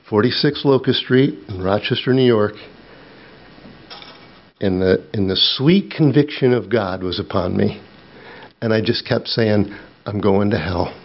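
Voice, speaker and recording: A middle-aged man preaching a sermon, slow and earnest, dropping low and quiet when he tells his own story. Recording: dull lo-fi sound.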